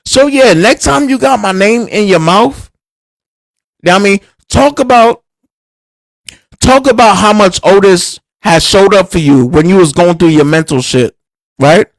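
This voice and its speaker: A man ranting heatedly on a livestream, swearing a lot, repeating himself and filling pauses with "uh" and "like". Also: high voice, no room sound, low-quality recording. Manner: angry, profane, repeats himself, many fillers. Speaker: livestream host.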